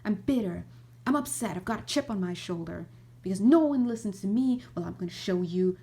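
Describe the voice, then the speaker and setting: A woman playing a bitter, grumpy old neighbor who yells at kids and grumbles. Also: mid-range voice, lively intonation, brisk, husky. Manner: snapping, grumbling, raised voice.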